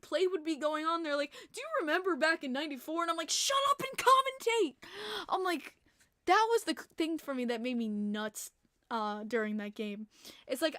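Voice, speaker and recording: A woman hosting a casual hockey podcast, animated and laughing often, swearing freely. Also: on the high side, dry recording, studio quality. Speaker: podcast host.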